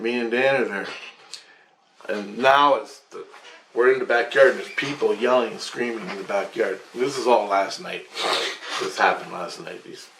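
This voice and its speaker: A man's voice: on the low side, noisy background. Swearing man recounting a dream, echoey room. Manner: repetitive with restarts and frequent swearing. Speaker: vlogger. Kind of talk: rambling spoken account of a dream.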